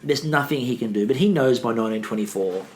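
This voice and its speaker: A man co-hosting a history podcast, talking casually and acting out quotes in a lively way. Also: fast talker, a little hiss or hum. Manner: animated, acts out quotes with big pitch jumps. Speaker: podcast co-host.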